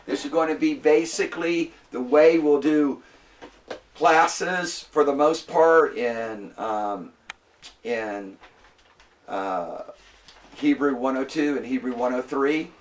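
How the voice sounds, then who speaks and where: A man's voice: medium pitch, distant mic. A man lecturing a classroom as a Hebrew instructor, patient and repetitive, often prompting the students to answer.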